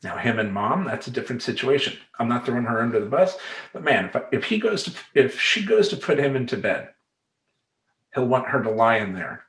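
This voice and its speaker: Middle-aged male life coach, mid-pitched, emphatic and streetwise, roomy echo. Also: sing-song, fairly quick, fairly bright tone. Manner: emphatic, streetwise, casual slang. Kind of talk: talking-head vlog monologue. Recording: roomy echoey room.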